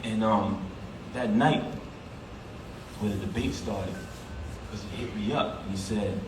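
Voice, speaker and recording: A man's voice: on the low side, a little slow. A man giving a heartfelt eulogy at a funeral, speaking emphatically and conversationally, addressing the crowd directly. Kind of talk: heartfelt public eulogy speech. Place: funeral service hall. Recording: echoey hall, voice from a distance, background noise.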